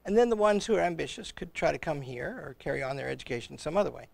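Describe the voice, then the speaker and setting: An older man, a college president, chats casually on a livestream in a voice that is on the high side, gravelly and darkish, with lively intonation and a quick pace on a dry recording. He rambles through stories, chuckling and acting out the voices and quoted exchanges in his anecdotes.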